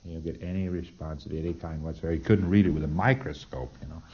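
A man's voice: extremely low pitch, fast talker, husky. A man giving a recorded lecture, explaining procedures step by step and acting out little dialogues, on a dull lo-fi tape recording.

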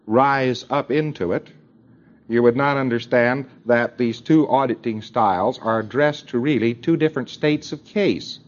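Rambling male lecturer on dull old tape. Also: mid-range voice. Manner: rambling, filler-heavy, acts out dialogue. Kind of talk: lecture to students.

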